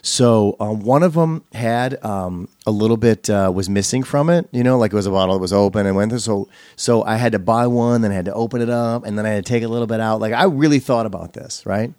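A man's voice: fairly low pitch, quick pace, few pauses, darkish tone, no echo, studio quality. Middle-aged man telling rambling, profane stories. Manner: rambling, profane, with many fillers and restarts. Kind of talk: casual storytelling chat.

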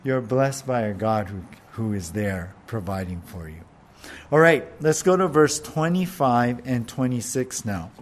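A man giving a conversational sermon, laughing often, asking his listeners questions and slowing down to stress scripture. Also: medium pitch, expressive. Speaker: pastor.

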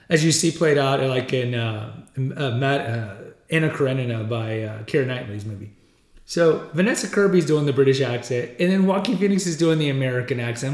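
A man's voice: mid-range voice, reverberant. A man hosting a podcast, giving casual movie-trailer commentary in a rambling way, with many restarts and repeats. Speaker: podcast host.

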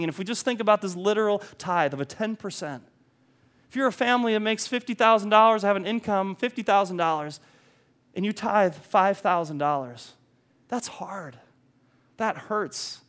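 A man preaching a sermon, earnest, acting out quoted speech and dropping to a soft voice for emphasis. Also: high voice. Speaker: pastor.

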